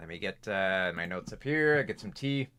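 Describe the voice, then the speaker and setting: A man's voice: sits low, animated, moderate pace, sharp tone, slight background noise. A man giving a casual spoken movie review from a home setup, rambling and restarting his sentences. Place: home recording setup with camera and big monitor.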